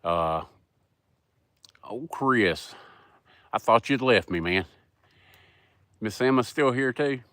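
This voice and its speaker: A man's voice: mid-range voice, animated, slow, long pauses, fairly bright tone, no room sound. A middle-aged man with a Southern US accent, hosting a casual livestream and rambling in a folksy way as he answers chat. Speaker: livestream host.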